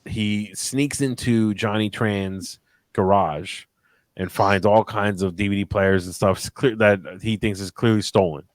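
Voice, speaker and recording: A man with a fairly low voice talks through a movie in relaxed podcast banter. His delivery is joking and animated, with casual swearing. The sound is dry and close, with no room around it. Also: measured pace, no echo. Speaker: podcast co-host. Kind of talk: casual movie review chat.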